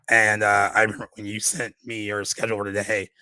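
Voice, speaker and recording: Male podcast co-host, slightly hoarse, low flat voice, rambling delivery, dry close mic. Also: fairly quick, no room sound, rough recording. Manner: rambling, with many fillers and restarts. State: voice a little shot. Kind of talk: casual movie podcast chat.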